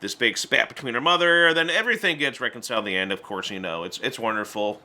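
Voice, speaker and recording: Bright-voiced chatty man reviewing movies. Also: medium pitch, fast. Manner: chatty, stumbling restarts, acts out character lines in voices. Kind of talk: casual spoken movie review.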